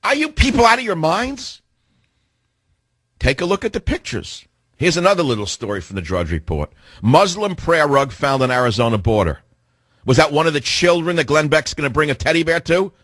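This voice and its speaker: A man's voice: on the high side, animated, fairly quick, a bit bright, no room sound, studio quality. A middle-aged man hosting a talk radio show, delivering a combative monologue full of rhetorical questions aimed at his listeners.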